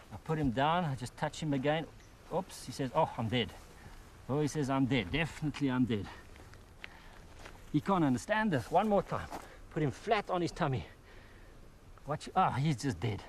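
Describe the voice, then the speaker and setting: A man hosting a wildlife documentary, giving excitable on-location field commentary outdoors, exclaiming and talking to the animal in front of him. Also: on the high side, a little hiss or hum. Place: outdoors in the wild.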